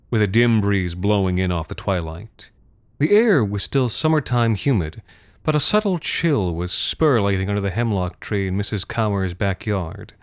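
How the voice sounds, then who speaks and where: A man's voice: fairly low pitch, no room sound. A man narrating a darkly comic story in a wry, theatrical manner. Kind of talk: scripted narration.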